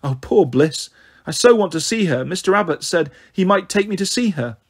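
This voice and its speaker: A man reading a story aloud, voicing a worried, earnest young girl who pleads in a husky voice. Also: high voice, expressive, moderate pace, voice pushed up, heavily acted.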